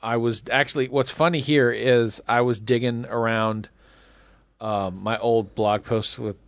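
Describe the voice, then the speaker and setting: A man's voice: mid-range voice, fairly even intonation, a little slow, dry recording. Dude in his 40s chatting movies on a podcast, dry humor, close dead mic. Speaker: podcast co-host. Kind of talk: casual movie chat.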